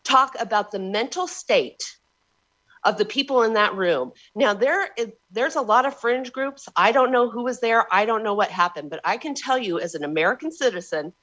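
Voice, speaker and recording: A woman's voice: on the high side, animated, moderate pace, sharp tone. A woman giving emotional, frustrated public testimony to a county board by remote call-in. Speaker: public commenter. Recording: dull lo-fi remote audio.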